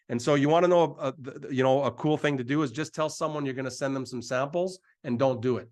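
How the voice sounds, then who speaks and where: Fired-up man giving a sales pitch. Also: fast talker, hardly any pauses. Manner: excitable, repetitive, hyping himself up. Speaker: host of a sales presentation. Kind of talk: energetic live sales pitch.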